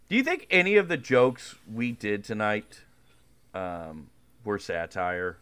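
A man's voice: low-pitched, very animated, measured pace, fairly bright tone, a little hiss or hum. A man co-hosting a podcast in a casual, joking, teasing chat. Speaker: podcast co-host.

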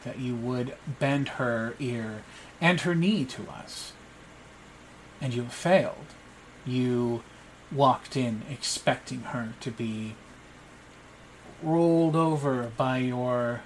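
A man voicing an ancient shadow monster in the shape of a young lord, speaking quietly, coldly and with menace. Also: mid-range voice, slight background noise, rough recording.

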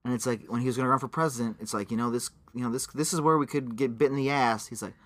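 Sarcastic podcast guy, bright edgy voice, swears a lot. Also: medium pitch, fairly even intonation, racing. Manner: sarcastic, swears, riffs on jokes. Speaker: podcast co-host. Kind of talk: casual chat.

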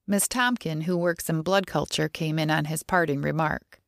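Gravelly-voiced woman narrating an audiobook. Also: deep voice, normal speed, no room sound, clean studio sound. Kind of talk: first-person audiobook narration.

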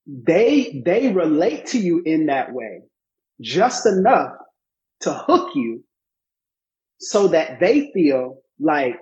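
A man co-hosting a conversational podcast, with a slightly high voice. He speaks emphatically, almost like a preacher, and repeats lines for weight. His audio sounds a little dull and lo-fi. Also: very animated, takes it slowly, darkish tone.

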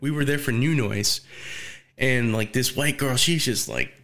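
Lively young man telling stories. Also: unhurried. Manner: swearing, animated storytelling with shrill acted quotes. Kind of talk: casual chat.

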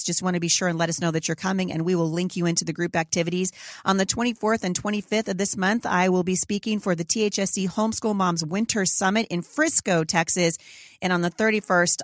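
A middle-aged woman with a fairly low voice, hosting a podcast. She talks in a chatty, earnest and encouraging way. The sound is dry and close to the mic. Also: no echo. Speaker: podcast host. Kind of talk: conversational podcast interview.

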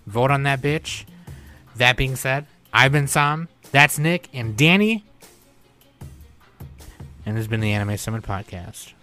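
A man's voice: mid-range voice, expressive, a little slow, long pauses, sharp tone, soft background music. A young man hosting a podcast in casual chat, loose and profane, often laughing. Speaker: podcast host.

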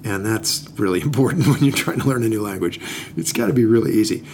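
A male podcast co-host explains investing in a playful, jokey way during a casual chat. He talks fast in a low-ish, darkish voice, with a little hiss or hum in the recording.

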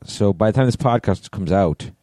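A man co-hosting a podcast in casual chat, teasing his partner and quick to laugh. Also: on the low side, expressive, warm tone, no room sound. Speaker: podcast co-host.

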